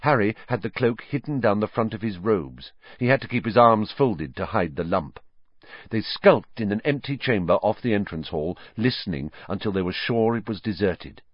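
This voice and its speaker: Expressive male storybook narrator. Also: lowish voice, moderate pace, dry recording. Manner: expressive, varied reading. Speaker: audiobook narrator. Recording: dry, slightly muffled recording.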